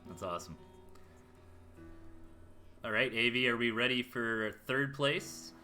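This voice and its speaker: A man's voice: mid-range voice, unhurried, bright, forceful tone, soft background music. A man hosting an interview, chiming in with short questions and agreement. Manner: brief prompting questions and agreement. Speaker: host. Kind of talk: casual interview chat.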